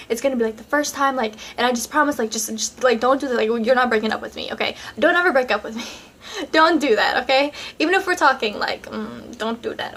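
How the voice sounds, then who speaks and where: A woman's voice: a little high, fairly bright tone. A young woman vlogger telling a personal story in casual, chatty speech full of fillers, speaking straight to her viewers. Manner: chatty, many fillers, addresses viewers directly.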